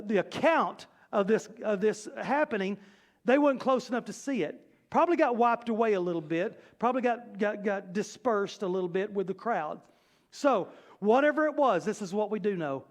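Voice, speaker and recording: A man preaches to his congregation. His voice sits unusually high for a man, and he talks in an animated, conversational way with playful asides. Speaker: pastor. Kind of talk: sermon. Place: church sanctuary.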